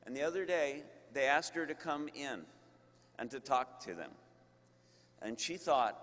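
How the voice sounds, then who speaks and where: A man giving a commencement speech to graduates as a university leader, slow and emphatic with deliberate pauses. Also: mid-range voice, animated, fairly bright tone. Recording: long reverb of a large hall.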